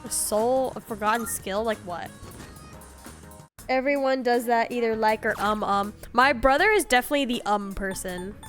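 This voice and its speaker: A chatty young woman streaming a game, rambling along and filling her talk with "like." Her voice is a bit high, and faint game music plays underneath. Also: normal speed, a bit bright. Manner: chatty, rambling, uses "like" constantly. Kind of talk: casual gameplay commentary.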